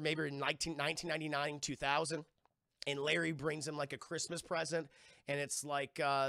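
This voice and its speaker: Male streamer, profane rambling recap, sharp tone, dry close sound. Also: fairly high pitch, creaky, dry recording. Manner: profane, rambling, keeps addressing chat; acts out quoted lines in quick voices. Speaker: streamer reviewing a TV episode. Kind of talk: casual livestream recap.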